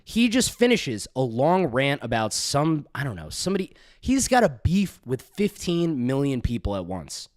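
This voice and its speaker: A man's voice: medium pitch, huge pitch swings, moderate pace, hardly any pauses, no room sound, clean studio sound. A man doing profane, mocking reaction commentary, sarcastic and incredulous, swearing often.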